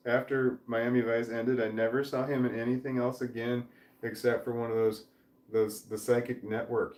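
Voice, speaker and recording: A man's voice: medium pitch, a little mellow. A man in his forties hosting a home livestream, chatting in a rambling way, trailing off and swearing casually as he reads viewer comments. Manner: meandering, trails off mid-sentence, swears casually. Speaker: livestream host reading chat. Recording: roomy, distant mic with faint background noise.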